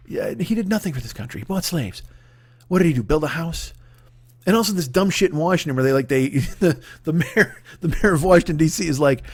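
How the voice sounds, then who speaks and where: A man's voice: high voice, lively intonation, normal speed, darkish tone, husky, no echo, studio quality. A man in his forties hosting a comedy podcast, ranting in a sweary, exasperated, rambling way. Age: 40s. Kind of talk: profane comedic rant.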